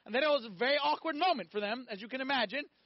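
A man's voice: extremely high pitch, rapid-fire, dry recording, dull audio. A man preaching a sermon, telling stories animatedly, acting out voices and asking the audience questions.

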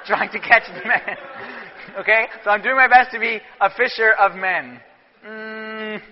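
Emphatic high-voiced male priest preaching, on a dull, echoey church recording. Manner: animated and emphatic. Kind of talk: sermon.

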